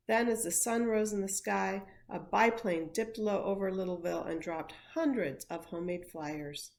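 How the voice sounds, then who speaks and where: A woman, an education coordinator, reading a picture book aloud with expressive storytelling. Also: mid-range voice, vocal fry.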